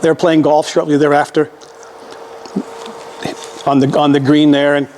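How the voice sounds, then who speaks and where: A man's voice: a little high, flat delivery, measured pace, darkish tone, slight background noise. An older man giving a folksy, conversational public history lecture to an audience, with many restarts and repetitions.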